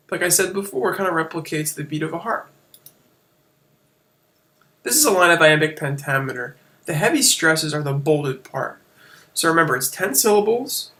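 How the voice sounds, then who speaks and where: A man's voice: a little high, sharp tone. A man teaching a casual lesson on a screen recording, explaining as he goes and correcting himself now and then. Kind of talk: screen-share lesson on poetic meter.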